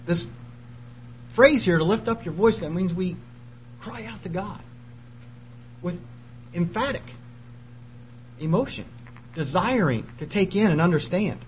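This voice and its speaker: A man delivers an earnest sermon in a slightly raised voice, leaning on key phrases with emphasis. The recording is dull and lo-fi, with a faint hum underneath. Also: high-pitched. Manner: earnest, emphatic preaching reading scripture aloud. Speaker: preacher.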